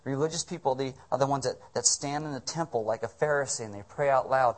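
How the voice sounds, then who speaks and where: A man's voice: mid-range voice, fairly quick. A man preaching a sermon as pastor, conversational and joking, firing off rhetorical questions.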